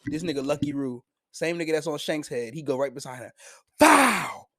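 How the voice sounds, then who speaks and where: Animated, slangy young man reviewing anime. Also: a little high, fast, dry recording, clean studio sound. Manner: animated, slangy, profane retelling; laughs often. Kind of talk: casual review vlog.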